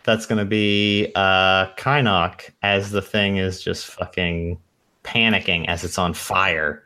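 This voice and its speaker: Slow, deep-voiced male game master. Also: bright, forceful tone. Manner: casual, laughing, swears freely. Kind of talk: narrating a tabletop game.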